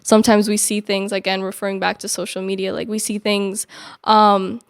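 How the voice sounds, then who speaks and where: A woman's voice: mid-range voice, little pitch movement, moderate pace, smooth. Reflective young woman talking faith. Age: young adult. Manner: reflective, many fillers like "like". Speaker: faith podcast co-host. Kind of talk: casual faith discussion.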